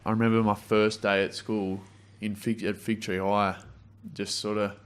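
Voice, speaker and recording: A man's voice: on the low side, level tone, normal speed, clean tone. A young man with an Australian accent, chatting casually as a guest and telling school stories with lots of restarts and fillers. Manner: storytelling with frequent restarts and fillers. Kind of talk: casual chat.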